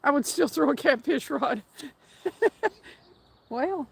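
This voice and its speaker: With a slow, high-pitched voice touched by vocal fry, this woman runs an outdoor fishing stream by a fast trout stream. She laughs a lot, reads viewers' names aloud and keeps the live chat casual.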